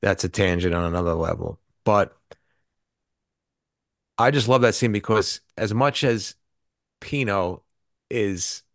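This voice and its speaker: A man's voice: on the low side, a little slow, creaky, long pauses, dry recording, clean studio sound. A man co-hosting a podcast, talking through favorite film scenes in a rambling way with frequent restarts. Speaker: podcast co-host. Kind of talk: casual movie review chat.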